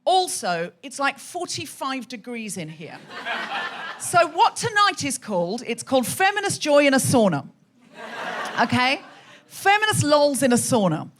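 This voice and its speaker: A woman's voice: high voice, very animated, measured pace, slight background noise. A woman hosting a live comedy podcast on a hot theatre stage, chatting with and teasing the audience. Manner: chatty, teasing crowd work.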